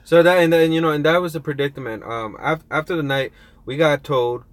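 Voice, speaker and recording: Slangy trucker man, somewhat high voice. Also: brisk, no echo. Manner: slangy, animated, says bro and yo. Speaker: truck driver. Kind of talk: casual chat.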